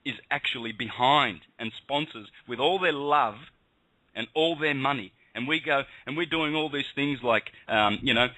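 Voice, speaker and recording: Impassioned male radio host, bright voice. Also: mid-range voice, moderate pace, no echo, low-quality recording. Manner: impassioned, emphatic ranting. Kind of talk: heated call-in radio talk.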